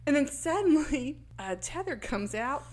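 A woman recapping a film in casual chat, animated and laughing often. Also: high voice, measured pace.

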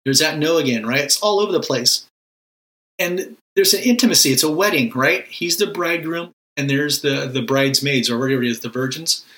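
A man's voice: fairly high pitch, brisk, a bit bright, rough recording. A man giving a casual, emphatic talk on prayer, often repeating words and asking rhetorical questions. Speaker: Christian teacher on prayer. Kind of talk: casual spoken teaching.

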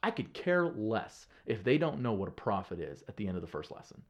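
Earnest, animated man telling stories. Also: lowish voice, brisk. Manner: earnest and animated, casual slang, frequent restarts. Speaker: podcast guest. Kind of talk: casual conversational storytelling.

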